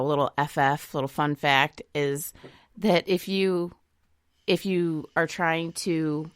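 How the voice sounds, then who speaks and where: A woman's voice: sits low, no echo, studio quality. A woman co-hosting a podcast, explaining tips and teasingly arguing back in casual chat. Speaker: podcast co-host.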